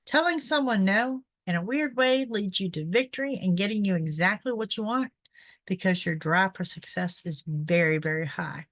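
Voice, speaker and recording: With a medium-pitched voice at normal speed, this woman, a psychic and show host, delivers a casual, conversational horoscope reading and keeps asking "okay?". Pollen has irritated her throat, and the audio is dry.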